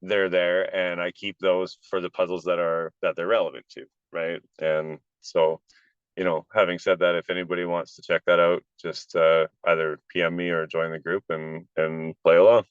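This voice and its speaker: A man from Canada chatting casually as a podcast co-host, laid-back and quick to laugh. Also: sits low, little pitch movement, smooth, dry recording. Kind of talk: casual chat. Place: home, near a deck. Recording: dull lo-fi call audio.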